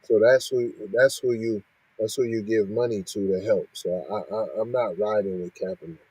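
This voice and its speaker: Man, heated rant, scolding rhetorical questions, dark husky voice. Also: on the low side, steady tone, moderate pace, no echo, low-quality recording. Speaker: podcast host reacting to news. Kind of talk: reading and ranting commentary.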